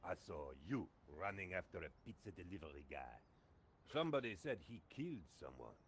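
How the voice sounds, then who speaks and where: Here is a philosophical French café owner in a video game, grandly courteous. His French-accented speech is very low and lively in pitch, with a faint hiss behind it. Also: fairly quick. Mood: gallant. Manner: flowery, gallant.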